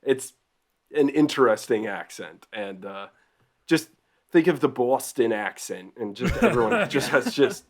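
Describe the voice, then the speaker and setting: A man co-hosting a casual podcast chat from his home, telling stories in a halting way and laughing often. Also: medium pitch, lively intonation. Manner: halting, loose storytelling with frequent laughs. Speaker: podcast co-host. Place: home room.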